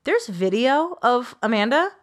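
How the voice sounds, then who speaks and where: A woman co-hosting a podcast, telling a true crime case in a chatty, animated way with quoted voices and quick self-corrections. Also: a little high. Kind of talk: casual storytelling chat.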